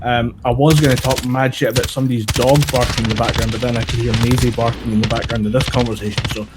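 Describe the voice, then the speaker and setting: A man's voice: medium pitch, flat delivery, fast. A man co-hosting a casual chat about games and tech, with dry, sardonic humor and some swearing. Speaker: podcast co-host. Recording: gaming audio noise behind. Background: clicks and gunfire from a game.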